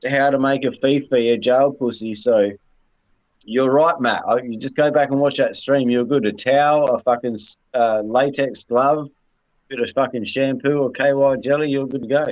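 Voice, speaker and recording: A man's voice: mid-range voice, fairly even intonation, normal speed, muffled recording. A man co-hosting a livestream, rowdy and profane, laughing often. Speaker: stream co-host. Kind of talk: crude casual banter.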